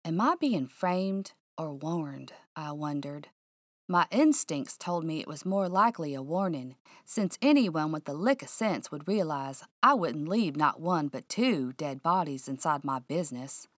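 A woman reads a first-person mystery aloud in a low, drawling voice. She keeps her telling hushed and suspenseful. The recording is dry and close. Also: lively intonation, a little slow, no echo. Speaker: narrator. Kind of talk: first-person audiobook narration.

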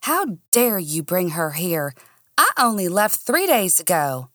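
A woman reading the part of a drunk, heartbroken young Southern woman who lashes out in a shrill voice. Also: big pitch swings, a little slow, fairly bright tone, no room sound, clean studio sound. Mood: drunk, furious. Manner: shrill, lashing out.

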